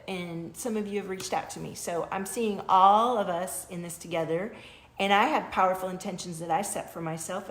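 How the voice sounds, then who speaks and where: A woman's voice: medium pitch, reverberant. A woman hosting a casual spiritual livestream from her small home studio, pulling oracle cards for viewers, chatting loosely and now and then breaking into chanted light-language syllables.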